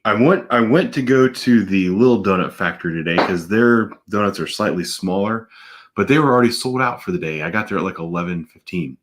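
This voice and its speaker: Speaking a little fast in a lowish register, a police officer in his thirties who runs a vlog chats at home between mouthfuls of donuts. The clip is a casual eating-challenge video.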